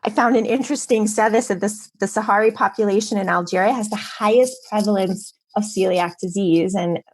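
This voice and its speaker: A woman speaking as an author guest on a podcast interview, explaining things in a steady, informative way. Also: medium pitch, fairly quick.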